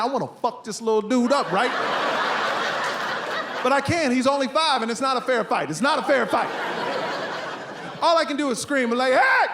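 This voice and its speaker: A man performing an animated stand-up comedy routine on a live stage, bursting out loudly on punchlines. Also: extremely high pitch. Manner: animated storytelling, loud outbursts for punchlines. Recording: live stage recording with audience noise.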